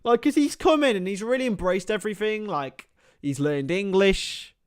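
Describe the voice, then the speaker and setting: A young man talks through a football match on a live stream, mixing play-by-play with easy chat to viewers. His voice sits a little high and laughs break in often. The sound is dry and close. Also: lively intonation, moderate pace, smooth, dry recording. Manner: chatty, laughs often, greets viewers by name. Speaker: live stream host and commentator.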